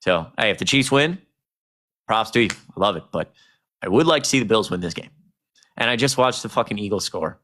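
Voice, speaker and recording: A young man hosting a casual livestream, talking to chat in a rambling, animated way with plenty of swearing. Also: fairly low pitch, a little fast, long pauses. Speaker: streamer.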